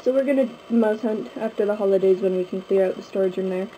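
A woman's voice: mid-range voice, fast, lo-fi sound, slight background noise. A young woman from Canada chatting casually to her camera at home, rambling with many fillers. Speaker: vlogger. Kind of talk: casual vlog chat to camera. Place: at home, indoors. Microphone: handheld camera, close.

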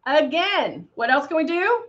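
A woman's voice: high-pitched, big pitch swings, unhurried, a bit bright, highs cut off. A woman giving a live makeup tutorial, chatty and bubbly, throwing in playful sound effects as she works. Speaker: makeup demonstrator.

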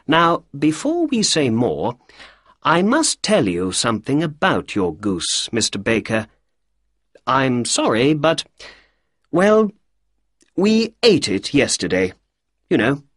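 A man voicing a brilliant, confident male detective, speaking lively and emphatically in a raised voice for a storybook reading. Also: slow pace, long pauses, dry recording, clean studio sound, exaggerated voice. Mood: polite. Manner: lively and emphatic, higher and louder than the narration.

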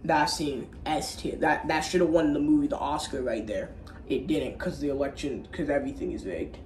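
Young dude rambling through a movie recap, echoey room, faint hiss. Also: male voice, a little high, steady tone, moderate pace. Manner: rambling, jokey, slangy, swings into silly voices. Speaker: movie reviewer.

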